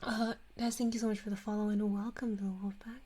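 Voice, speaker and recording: A woman streamer in whispered role-play, softly whispering and playfully scolding, close to the microphone. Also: mid-range voice, level tone, fast. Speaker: streamer and ASMR artist.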